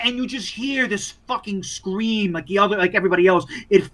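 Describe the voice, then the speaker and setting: Young man, game master, bright voice, casual profane narration, horror tabletop game. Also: high voice, a little fast, hardly any pauses. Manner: loose, profane, filler-heavy narration.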